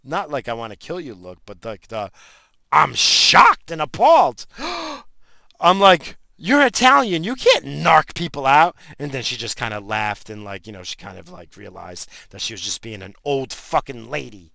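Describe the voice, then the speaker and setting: Gravelly swearing man on a rant. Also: medium pitch, moderate pace. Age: adult with a job and in-laws. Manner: angry, swearing constantly, animated outbursts. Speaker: vlogger ranting to camera. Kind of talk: profane comic rant.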